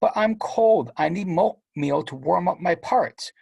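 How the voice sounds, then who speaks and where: A man's voice: sits high, animated, measured pace, vocal fry, darkish tone, slightly rough, pitched above the performer's own voice, exaggerated voice. A man voicing a whiny five-year-old boy in a storybook reading, pleading and childish.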